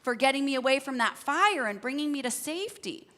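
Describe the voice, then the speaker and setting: A woman's voice: sits high, expressive, brisk. A woman voicing an apologetic male scorpion in a told fable, heard with the long reverb of a church sanctuary. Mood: pleading. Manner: earnest, gentle storybook telling.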